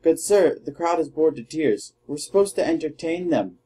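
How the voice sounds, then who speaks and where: A man's voice: on the high side, animated, moderate pace, warm tone, slightly rough, low-quality recording. A man voicing a pompous male gladiator who lectures his rival in formal, theatrical words. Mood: indignant.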